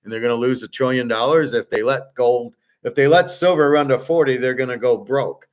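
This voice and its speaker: A man's voice: mid-range voice, brisk. A middle-aged man hosting a show, talking casually in a blunt, profane and exasperated way. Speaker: host. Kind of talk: casual ranting commentary.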